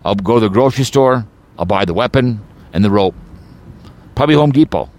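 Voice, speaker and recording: A man's voice: fairly low pitch, expressive, a little fast, darkish tone. A man hosting his own podcast, delivering an agitated, rambling rant full of repeats and stumbling restarts. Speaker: podcast host.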